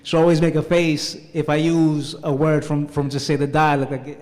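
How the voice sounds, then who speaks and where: A man's voice: a little high, flat delivery, moderate pace. A man translator speaking at a live panel, hesitant, repeating words and mixing in Italian phrases. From Italian-American family. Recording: reverberant hall.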